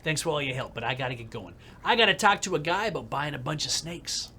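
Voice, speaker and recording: A man's voice: fairly high pitch, animated, fast, gravelly, sharp tone, slight background noise, full character voice. A man voicing a blunt, hot-tempered middle-aged male TV producer in a put-on New York accent. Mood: furious.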